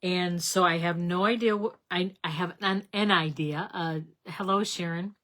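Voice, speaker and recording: A woman's voice: fairly low pitch, fairly even intonation, moderate pace, fairly bright tone. Chatty middle-aged woman hosting a craft stream. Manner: chatty and rambling, greets viewers by name. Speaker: card-making live stream host. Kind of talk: casual live craft demonstration.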